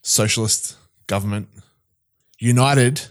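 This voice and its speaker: A man's voice: mid-range voice, slow pace. A man co-hosting a casual podcast, rambling through a story and searching for names as he goes. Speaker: podcast co-host. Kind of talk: casual conspiracy chat.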